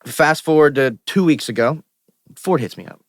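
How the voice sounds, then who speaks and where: A young man with a Pittsburgh accent, a musician guest telling stories on a podcast in an animated, profane way and acting out the people he quotes. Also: on the high side, moderate pace, dry recording, studio quality. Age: young adult. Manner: animated, profane, quotes himself and others in lively asides. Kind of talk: casual podcast storytelling. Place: podcast studio.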